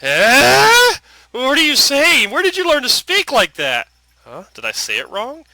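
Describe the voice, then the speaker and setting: A man voicing a shy, excitable teenage girl who stammers when flustered, speaking over game music. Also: moderate pace, no echo, heavily acted, poor audio. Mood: confused. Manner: flustered, stammering, high squeaky delivery.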